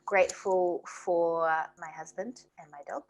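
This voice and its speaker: A woman from Australia, a guest in a podcast interview, talking casually and warmly with frequent laughs. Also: lowish voice, fairly even intonation, measured pace. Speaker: podcast guest, dating expert.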